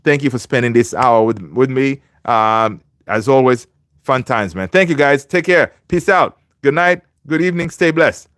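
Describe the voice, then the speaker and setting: A man's voice: mid-range voice, moderate pace, fairly bright tone, no echo, clean studio sound. A man hosting a football fan livestream in a loose, chatty way, reading viewer comments aloud and greeting viewers by name. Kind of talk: casual livestream chat.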